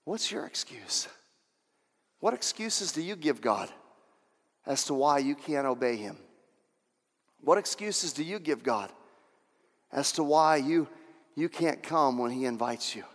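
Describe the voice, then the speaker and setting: A man's voice: on the high side, expressive, a little slow, pauses often. Emphatic male pastor preaching in a hall. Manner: emphatic, repeats lines for effect, swings from hushed to shouting. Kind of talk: sermon.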